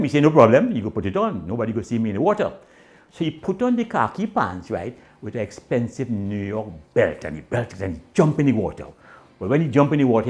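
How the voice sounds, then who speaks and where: A man telling comic stories in island dialect, acting out the people in his tales. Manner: animated, swinging pitch, voices the people in his tales. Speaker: storyteller.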